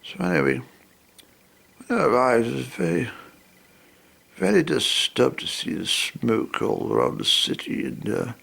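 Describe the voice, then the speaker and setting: A man's voice: medium pitch, sing-song, measured pace, creaky, long pauses, a bit bright. A man telling a humorous personal anecdote in a rambling way, full of fillers and asides. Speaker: storyteller.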